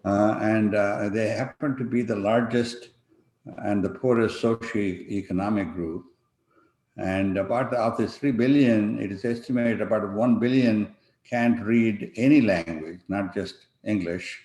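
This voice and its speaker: A man giving an online conference talk over a video call, pausing often with fillers and restarting his sentences. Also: fairly low pitch, fairly even intonation, darkish tone. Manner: halting, many fillers and restarts. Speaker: conference panel speaker. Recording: echoey room.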